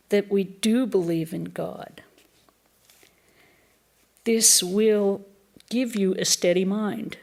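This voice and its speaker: A woman, a nun, giving a reflective Easter lecture in a temple, pausing often and restarting her phrases. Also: medium pitch. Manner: slow and reflective, with pauses and restarts.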